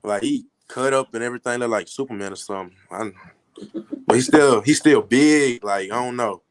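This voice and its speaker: A teenage football recruit answering interview questions politely and briefly. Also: male voice, medium pitch, fairly quick, clean tone. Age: teens. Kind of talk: casual interview.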